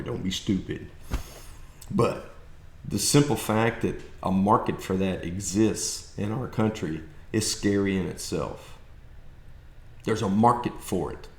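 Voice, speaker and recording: Fired-up South Texas man, low-pitched, plain-spoken commentator, recorded in a roomy space. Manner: blunt, folksy, fired-up ranting with mocking quoted voices. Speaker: political commentator vlogger. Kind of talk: opinionated monologue.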